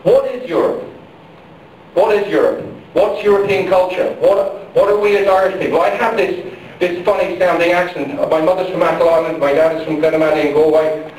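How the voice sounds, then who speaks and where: A man's voice: high voice, level tone, a little fast, a little mellow. Impassioned man orating in an echoey hall. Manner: rhetorical, repeats questions and phrases for emphasis. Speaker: campaign speaker at a public forum. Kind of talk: impassioned political speech. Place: large public hall during a power failure. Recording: very echoey hall, picked up from far off, faint noise.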